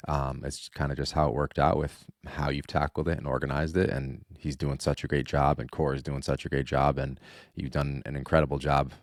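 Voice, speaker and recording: Thirties guy podcaster, super deep voice, telling family stories, dry close sound. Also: a little fast, no echo. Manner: earnest storytelling, animated when quoting. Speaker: podcast co-host. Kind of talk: casual podcast chat.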